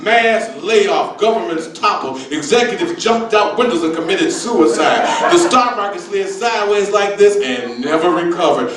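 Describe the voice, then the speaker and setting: A man's voice: high-pitched, expressive, moderate pace, few pauses, a crowd in the background. A man in his sixties doing stand-up, brash and streetwise, with wild exaggeration and frequent "baby" asides. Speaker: stand-up comedian. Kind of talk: stand-up routine. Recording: echoey room, distant mic.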